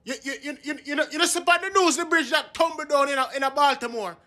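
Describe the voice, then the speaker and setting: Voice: high voice, fast, bright, forceful tone. A performer playing an overprotective Jamaican parent who sternly and dramatically forbids a trip.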